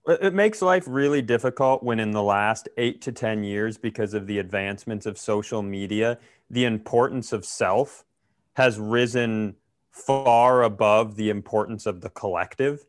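A man's voice: lowish voice, moderate pace, dry recording, clean studio sound. A male comedian co-hosting a podcast, telling a story in casual chat and swearing freely.

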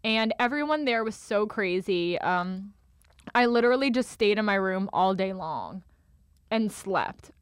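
A woman's voice: medium pitch, lively intonation, measured pace, clean tone, no room sound, studio quality. A young adult woman who does stand-up, telling a story in casual chat and rambling along with constant filler words. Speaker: stand-up comedian.

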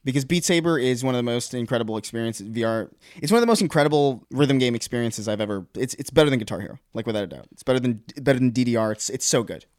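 A man's voice: medium pitch, animated, rapid-fire, few pauses, darkish tone, no room sound, studio quality. A man co-hosting a casual gaming podcast, giving his opinions in a conversational way, often restarting his sentences. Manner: conversational, hesitant, many restarts. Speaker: podcast co-host.

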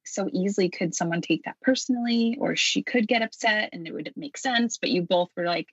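A woman's voice: medium pitch, a little fast, hardly any pauses, husky, no room sound. A woman guest explaining parenting ideas in a thoughtful, conversational way. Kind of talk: casual conversation. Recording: dry, muffled lo-fi audio.

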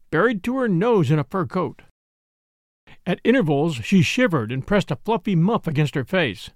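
A man narrating a classic novel in a vivid, expressive way. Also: high-pitched, dry recording, studio quality. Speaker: audiobook narrator.

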